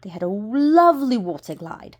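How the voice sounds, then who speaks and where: A woman reading a picture book aloud to a young child, animated, with gasps and asides. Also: medium pitch, moderate pace. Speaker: storybook reader.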